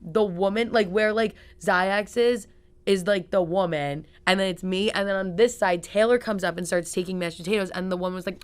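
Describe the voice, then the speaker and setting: A young woman hosting a podcast, telling a story fast, with lots of fillers and swearing. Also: medium pitch, steady tone, clear, resonant tone. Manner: swears freely. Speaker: podcast host. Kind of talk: casual chat.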